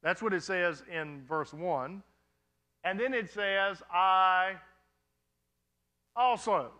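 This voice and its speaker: A male pastor works through questions from his congregation in a sermon Q&A. His voice sits high and bright, with a forceful edge. He keeps it conversational and often checks that the listeners follow him. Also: slow pace.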